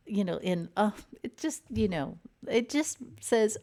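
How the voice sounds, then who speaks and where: A woman hosting a relaxed chat show, speaking at an unhurried, easy pace. She rambles from thought to thought, often trailing off with fillers, soft laughs and sighs. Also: medium pitch. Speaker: host. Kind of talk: casual chat about TV dramas.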